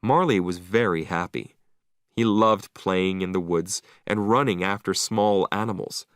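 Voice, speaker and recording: Slow, expressive male story narrator. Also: low voice, clear, resonant tone, no echo, studio quality. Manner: lively, expressive reading. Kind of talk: slow, clear storybook narration for English learners.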